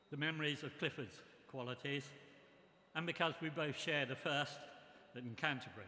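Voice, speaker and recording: An older man giving a memorial tribute speech, reminiscing in a measured way. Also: fairly high pitch, sharp tone. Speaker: memorial speaker. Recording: echoey hall with long reverb.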